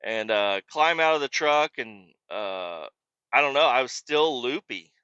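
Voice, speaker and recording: Bright-voiced man telling a crash story. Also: mid-range voice, animated, measured pace, clear, resonant tone, dry recording, lo-fi sound. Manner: profane, rambling, self-mocking. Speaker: podcast host. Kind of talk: casual storytelling.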